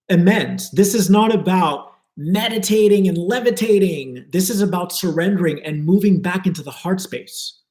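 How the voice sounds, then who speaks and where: A man's voice: sits high, moderate pace, few pauses, a little mellow, reverberant. A man giving a live spiritual talk to his viewers, earnest and flowing, repeating words for emphasis. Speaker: spiritual teacher.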